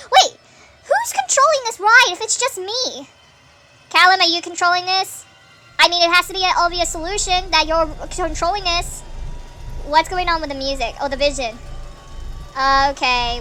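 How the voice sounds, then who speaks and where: High bright sped-up woman gamer. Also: normal speed, soft background music. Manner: chatty, thinking aloud with frequent laughs and fillers. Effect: sped-up nightcore pitch shift. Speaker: gameplay streamer. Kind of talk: gameplay commentary.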